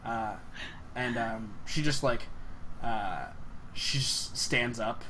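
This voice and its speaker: Brief: male game master narrating scenes, halting and filler-laden, noise behind. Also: medium pitch, bright, forceful tone. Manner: hesitant, filler-heavy narration. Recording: noisy room ambience.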